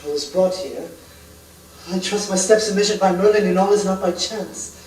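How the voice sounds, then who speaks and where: A man's voice: high voice, normal speed, a little mellow, slight background noise, close to an everyday voice. A man playing an earnest medieval servant lost in modern times, speaking in formal, archaic, courtly tones on a theater stage, recorded from a distance. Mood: solemn. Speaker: stage actor. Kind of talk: live stage musical dialogue. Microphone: far room mic. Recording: echoey stage from far off.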